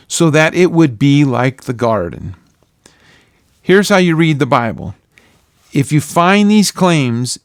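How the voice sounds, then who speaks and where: A man giving a measured, earnest Bible lesson in a scripted, explanatory way. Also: on the high side, no echo, clean studio sound. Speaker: Bible teacher.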